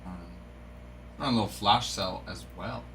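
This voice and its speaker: A man hosting a live card-opening stream, chatting excitably and breaking into yells of delight. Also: fairly low pitch, moderate pace, a little hiss or hum.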